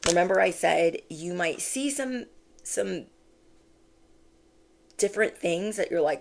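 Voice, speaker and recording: A woman giving a channeled tarot reading, speaking with animated, drawn-out emphasis while shuffling cards. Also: fairly low pitch, creaky, a little hiss or hum. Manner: animated, drawn-out emphatic phrases, acts out quoted reactions. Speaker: tarot reader.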